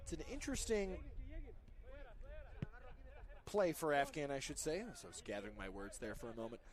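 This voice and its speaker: A man calling a live amateur soccer match, chatty and joking, getting louder and quicker when play gets close to goal. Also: mid-range voice, a crowd in the background. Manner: chatty, joking asides, rising excitement on attacks. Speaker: play-by-play commentator.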